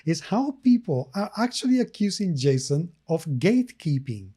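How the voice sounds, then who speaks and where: A man's voice: a little high, big pitch swings, moderate pace, warm tone, breathy edge. Sarcastic, laughing male podcast host. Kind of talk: casual podcast chat.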